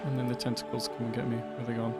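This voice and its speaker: A man's voice: medium pitch, monotone, fast talker. A man streaming a video game, giving chatty, rambling live commentary as he plays. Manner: chatty, rambling, easily sidetracked. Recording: loud game music behind.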